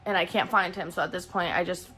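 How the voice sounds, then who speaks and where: A young woman recounting a painful personal story in a halting, emotional way. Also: on the low side, steady tone, pushed and bright, husky, soft background music. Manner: halting, full of fillers and restarts, emotional.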